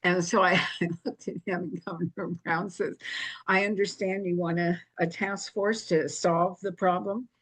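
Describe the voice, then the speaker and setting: Older woman, lower pitch, interview guest, storytelling, acts out quoted dialogue. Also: fairly even intonation, normal speed, a bit bright. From United States. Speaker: guest, activist founder.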